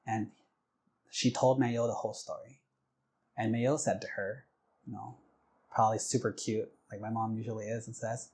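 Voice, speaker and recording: A man, a Buddhist monk, giving a sermon as an animated storyteller who acts out the voices in his story. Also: mid-range voice, normal speed, breathy edge. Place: temple.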